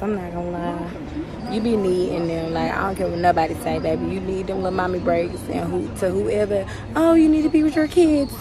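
Chatty young woman vlogging. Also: mid-range voice. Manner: chatty, slangy, addresses viewers as "y'all". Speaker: vlogger and mother. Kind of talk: casual vlog chat to viewers.

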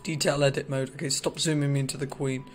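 A man's voice: medium pitch, little pitch movement, quick pace, faint music behind. A man giving casual commentary while he plays a video game, rambling and joking and often cutting himself off mid-sentence. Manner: rambling, jokey, self-interrupting. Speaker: gaming video creator.

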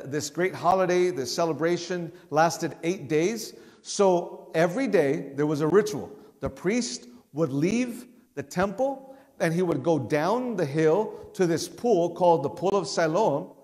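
A man leading a Bible study, talking in a loose conversational way, often restarting his words and raising his voice to act out shouts. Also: on the high side, long reverb tail.

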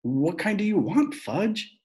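A man putting on a fretful mother's voice, lifted higher than his own. She frets and stumbles over her words as she talks to her sons in a storybook reading. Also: very animated, slow pace, warm tone, full character voice. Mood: firm. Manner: fretful, flustered, stammering. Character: fussy worried mother of two.

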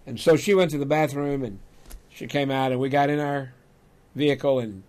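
An older man, hosting a talk show and telling a folksy personal story, growing animated when he quotes himself. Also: mid-range voice, moderate pace, pauses often. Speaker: radio talk show host. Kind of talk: storytelling monologue.

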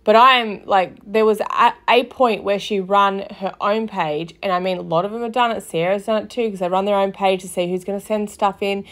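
A woman's voice: mid-range voice, fairly even intonation, fairly quick, few pauses, fairly bright tone. A woman hosting a casual commentary podcast, talking in a loose, gossipy way with lots of fillers and swearing. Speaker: podcast host.

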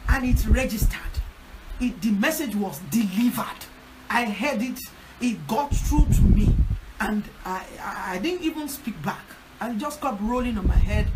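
A woman pastor, urging her listeners in an emphatic, repetitive teaching talk on a prayer line. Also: mid-range voice. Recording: loud background noise.

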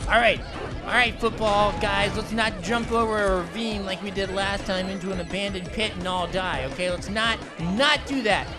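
A man voicing a hyper, wisecracking talking orange who hosts a gaming channel, giving excitable, silly gameplay commentary and repeating words in bursts. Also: high voice, moderate pace, a crowd in the background, natural voice. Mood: excited. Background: game music.

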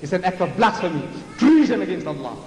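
A forceful, theatrical lecturer in his seventies with a high voice, addressing a crowd in a large hall. The sound is roomy, with a long echo and a faint hiss underneath. He drives his points home and mimics others with scorn. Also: big pitch swings, quick pace. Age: 70s. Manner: forceful, theatrical, with mocking imitations. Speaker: Islamic lecturer. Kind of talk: public religious lecture. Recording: echoey hall with faint noise.

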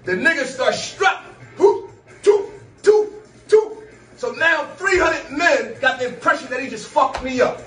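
A man's voice: very high voice, normal speed, sharp tone. A man animatedly telling a story about a fight, acting out the voices and sound effects. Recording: roomy distant clip with music.

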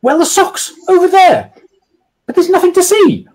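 A man voicing a tipsy, flustered village police sergeant who shouts in a high, panicky voice. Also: expressive, normal speed. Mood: insistent.

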